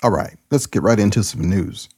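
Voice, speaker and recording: A man who preaches, hosting his own podcast in a casual solo monologue, talking in a folksy, joking and excitable way. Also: lowish voice, moderate pace, over loud music.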